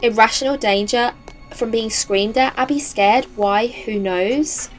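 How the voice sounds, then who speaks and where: A chatty woman commenting on her game in a fairly high voice, gasping and filling her talk with "like". Faint game music runs underneath. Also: a little slow. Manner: chatty, excitable, many "like" fillers and gasps. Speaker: gaming channel host. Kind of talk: casual let's play commentary.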